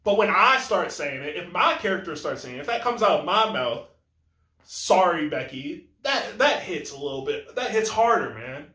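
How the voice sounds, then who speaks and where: A man's voice: high voice, very animated, brisk, pushed and bright, echoey room. A man giving a casual, rambling critique of a video game. He often corrects himself mid-sentence and acts out imagined lines of dialogue. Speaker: gaming commentator.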